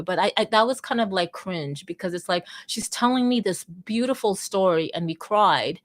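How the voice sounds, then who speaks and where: A woman's voice: mid-range voice, normal speed, hardly any pauses. A woman hosting a casual online audio chat, telling a story with lots of restarts. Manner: chatty storyteller, many restarts. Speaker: host.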